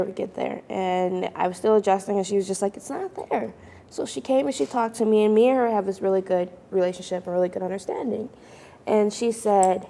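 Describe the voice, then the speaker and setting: A young woman guest telling a personal story, acting out other people's lines with laughs along the way. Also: medium pitch. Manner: animated, acts out quoted voices, laughs often. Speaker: mentee guest. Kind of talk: storytelling on a panel.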